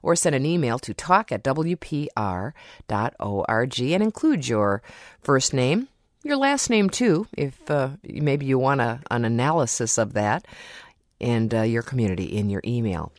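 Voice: medium pitch, very animated, measured pace, dry recording, clean studio sound. A radio talk show host reading the call-in number and interviewing a guest. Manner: reads call-in details, then asks questions conversationally.

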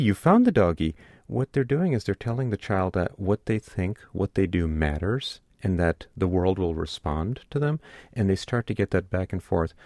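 Casting note: middle-aged male pediatrician, low voice, earnest explainer, dry close sound. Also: a little mellow, dry recording. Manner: earnest, explanatory, repeats words when starting. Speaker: pediatrician guest. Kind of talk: radio interview.

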